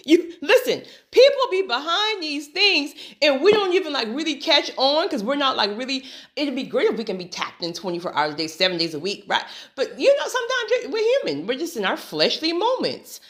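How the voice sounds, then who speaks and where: A woman's voice: high-pitched, moderate pace. Woman with a black way of talking, preachy chat to her followers, voice swings up and down a lot. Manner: animated, preachy, laughs often, says "honey" and "right?". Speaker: spiritual talk host. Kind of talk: casual faith-based monologue.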